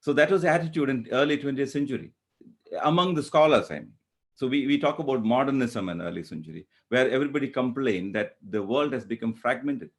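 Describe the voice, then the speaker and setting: A man's voice: medium pitch, fast talker. A man in his fifties with a Kerala Indian English accent, giving a university lecture with frequent hesitations and repeated words. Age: 50s. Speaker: English professor.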